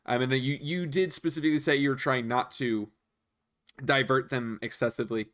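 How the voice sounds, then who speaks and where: A man narrating as game master of a tabletop game, relaxed, with many pauses and ums. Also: medium pitch.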